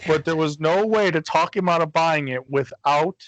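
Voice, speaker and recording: A middle-aged man from Michigan, USA, co-hosting a podcast, chats casually through a long, rambling story, swearing freely and acting out what people said. His voice is on the high side and a bit bright, at a moderate pace. The audio is poor, with no room sound.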